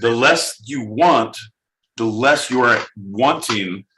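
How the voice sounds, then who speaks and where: A man's voice: mid-range voice, slow pace, slight background noise. A man co-hosting a podcast in casual chat, joking and swearing freely over a video call. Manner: profane, joking, excitable. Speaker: podcast co-host. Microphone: headphones with mic.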